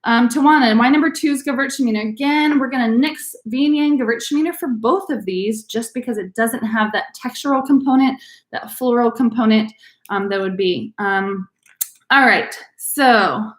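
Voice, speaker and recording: Woman wine instructor, slightly high voice, upbeat coaching manner, echoey room on a video call. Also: normal speed. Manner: upbeat, frequent ums, coaching. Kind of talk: live online class.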